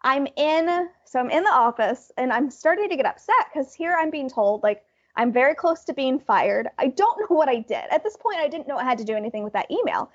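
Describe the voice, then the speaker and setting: A woman co-hosting a podcast, telling a story in an animated way and laughing now and then. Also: high voice, fairly quick, husky, highs cut off. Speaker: podcast co-host. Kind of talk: casual storytelling chat.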